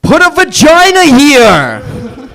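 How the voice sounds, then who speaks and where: A man putting on a loud, brash male New Yorker stereotype in a stand-up act, drawing out each shouted line. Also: very high-pitched, huge pitch swings, pitched above the performer's own voice, exaggerated voice. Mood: brash shouting. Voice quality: exaggerated drawn-out shouting delivery. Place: open mic comedy venue, indoors.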